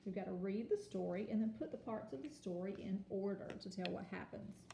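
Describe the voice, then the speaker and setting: A woman teaching a kindergarten home lesson on video, sounding out letters and words slowly and patiently. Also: medium pitch, gravelly, echoey room, background noise. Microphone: phone or camera.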